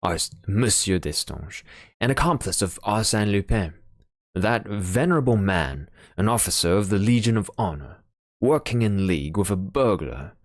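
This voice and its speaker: Low-voiced man reading an audiobook. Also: lively intonation, moderate pace, no echo, clean studio sound. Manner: plain reading with occasional fillers and restarts. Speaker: audiobook narrator. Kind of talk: audiobook narration.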